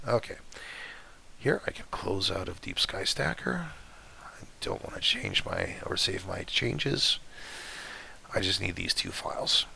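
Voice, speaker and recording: A man with a low, heavily gravelly voice that keeps cutting out, talking through a screen-recorded tutorial. His tone is bright and edgy despite the rasp, and he explains each click in a casual, chatty way with plenty of fillers. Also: a little hiss or hum. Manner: relaxed, chatty, step-by-step with fillers. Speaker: astrophotography tutorial maker. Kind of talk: screen-recorded software walkthrough.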